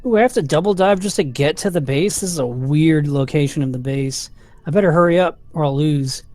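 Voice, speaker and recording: A man's voice: fairly high pitch, a little fast, a little mellow, dry recording, soft background music. A man teasing his co-streamer with dry banter while playing a game. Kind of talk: casual gaming stream chat.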